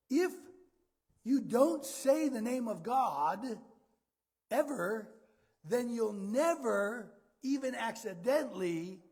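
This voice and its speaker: A man's voice: high-pitched, a little mellow, husky. A man preaching a sermon in a conversational way, often repeating words and asking the audience questions. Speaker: pastor.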